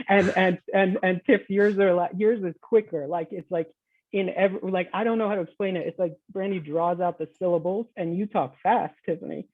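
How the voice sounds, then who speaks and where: A man's voice: high-pitched, normal speed, no echo. A man chatting on a roundtable video call, searching for his words as he talks. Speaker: roundtable panelist. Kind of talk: casual chat. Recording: tinny, dry call audio.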